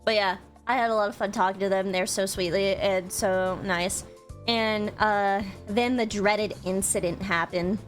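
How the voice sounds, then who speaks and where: A young woman streamer chatting with her viewers about a convention, bubbly and quick to swear, with lots of "like". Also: medium pitch, fairly even intonation, faint music behind. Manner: bubbly storytelling, swears freely, frequent "like". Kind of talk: casual chat to stream viewers.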